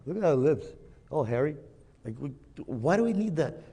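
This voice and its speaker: A man's voice: on the high side, sing-song, moderate pace, dark tone, slightly rough, full character voice. Man doing a whiny son camel. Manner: whiny, questioning.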